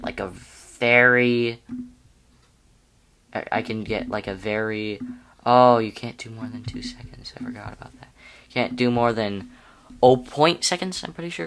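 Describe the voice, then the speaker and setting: A man's voice: on the low side, a bit bright, clean tone. A young man casually walking through a video editing tutorial, rambling and correcting himself with amused asides. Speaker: YouTube tutorial creator.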